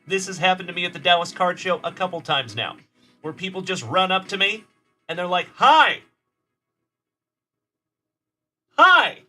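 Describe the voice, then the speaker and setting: A man's voice: high voice, a little fast, bright, forceful tone, faint music behind. A man hosting a card-breaking livestream, chatting in a friendly, upbeat way with viewers and calling them buddy and brother. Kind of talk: live stream chat, reading viewer comments.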